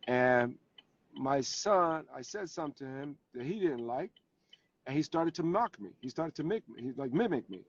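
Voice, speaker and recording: A man, a guest actor and advocate, tells animated stories about parenting while sitting in his car on a video call. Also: medium pitch, moderate pace. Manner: animated storyteller, acts out family scenes. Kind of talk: casual interview over video call. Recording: dull lo-fi call audio.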